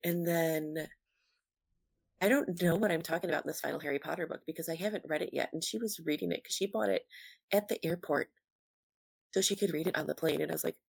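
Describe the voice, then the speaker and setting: A woman's voice: low voice, fast talker, creaky, husky, no echo. A woman in her early twenties casually telling a personal story, chatty and full of "like", acting out what people said. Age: early 20s. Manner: chatty, lots of "like", acts out quotes.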